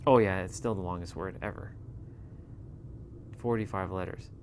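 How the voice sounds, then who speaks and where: A man with a fairly low voice chats loosely on his livestream. He rambles from thought to thought, swears freely and laughs often as he goes. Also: fairly even intonation, normal speed, a little mellow, a little hiss or hum. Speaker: livestream host. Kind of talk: casual chat.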